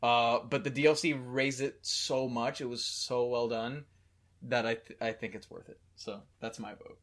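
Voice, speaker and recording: A man hosting a casual gaming podcast, rambling excitedly with lots of fillers. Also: medium pitch, normal speed.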